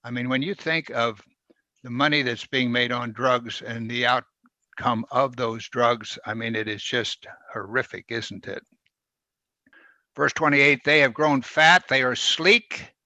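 Bright-voiced man preaching a sermon. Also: mid-range voice, measured pace, no room sound. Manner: expressive, rises and drops in volume for emphasis. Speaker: pastor. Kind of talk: verse-by-verse sermon.

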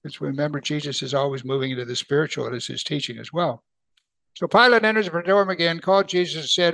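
A man teaching verse by verse from the Bible, reading passages slowly and then explaining them with emphasis. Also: fairly high pitch, creaky, a bit bright, dry recording. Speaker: preacher.

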